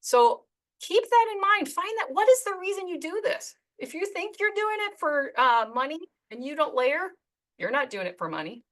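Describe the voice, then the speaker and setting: A woman's voice: very high voice, moderate pace. A woman coaching insurance agents, telling client stories and acting out both sides of the conversation. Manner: animated, acts out client dialogue. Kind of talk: storytelling to agents.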